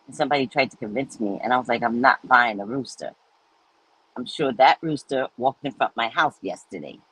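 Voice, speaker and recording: Chatty woman on a live stream, kinda husky, pitch jumps all over, laughs a lot. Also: lively intonation, fairly quick, a bit bright, dry recording, rough recording. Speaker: host of live readings. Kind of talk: casual live-stream chat.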